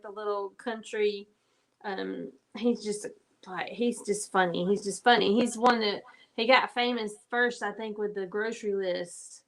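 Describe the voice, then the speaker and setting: A woman's voice: medium pitch, fairly bright tone. Brief: woman, live-stream craft host, chatty and direct with viewers. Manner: chatty, talks straight to viewers while working. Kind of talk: casual live-stream chat.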